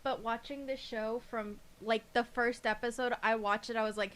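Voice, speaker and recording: Podcast lady ranting happily, bright voice, pitched a bit high, swears a lot. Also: normal speed. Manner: animated, emphatic, swears freely. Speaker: podcast co-host. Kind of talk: casual podcast chat.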